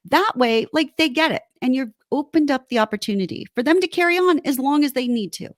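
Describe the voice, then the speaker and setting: A woman's voice: high-pitched, brisk, few pauses, dry recording, studio quality. A woman co-hosting a podcast, chatting casually and animatedly about relationship advice. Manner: animated, acts out heated quotes. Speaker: podcast co-host.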